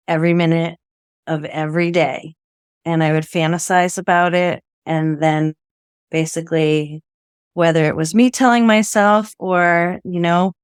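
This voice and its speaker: A woman's voice: on the low side, clear, resonant tone, no room sound, clean studio sound. A woman guest telling a personal story in earnest, often laughing and acting out what people said. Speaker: interview guest.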